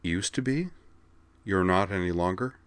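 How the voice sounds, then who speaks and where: Reading a story aloud, a deep-voiced man performs a prim adult woman who works as a school counselor: polite and formal, prying with probing questions, and easily flustered. He speaks at a moderate pace in a clean, natural tone, with no room sound.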